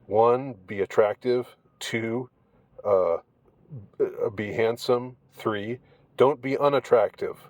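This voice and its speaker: A man giving casual commentary on an article, rambling and halting with many restarts, in a wry tone. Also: medium pitch, darkish tone, no room sound.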